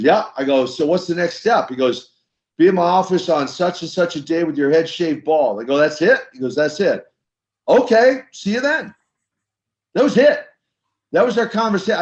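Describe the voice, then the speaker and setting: An older man, a former wrestler turned minister, telling stories in an interview and acting out the dialogue as he goes. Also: sits high. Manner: animated storyteller acting out dialogue. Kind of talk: storytelling interview. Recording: slightly dull lo-fi sound.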